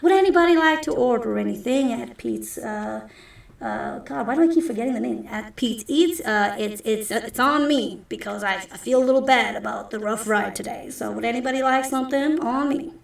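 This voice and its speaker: A charming space cabbie who flirts and sweet-talks everyone, voiced by a woman. Her tone is easy and slightly gravelly. The room echoes around a mic some way off. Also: a little high, a little fast. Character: smooth-talking male space taxi driver. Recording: roomy echo, distant mic.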